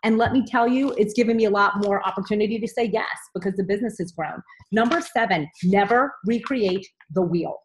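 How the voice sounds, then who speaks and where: A woman's voice: medium pitch, a little fast, few pauses, a little hiss or hum. A woman in her thirties giving a motivational training talk to her team, upbeat and direct, often checking in with "okay?".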